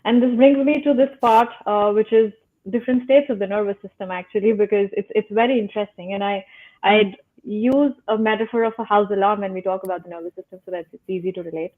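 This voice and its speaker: A woman guest calmly explaining how the body and nervous system work, using simple metaphors and checking in with "right?". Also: mid-range voice, fast. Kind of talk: casual explanatory talk. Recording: tinny phone-like call line.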